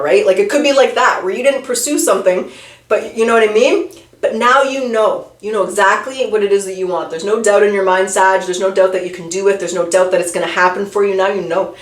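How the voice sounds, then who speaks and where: A woman's voice: mid-range voice, roomy sound. A woman giving a casual tarot reading and talking straight to the viewer, often trailing off and restarting her sentences. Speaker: tarot reader.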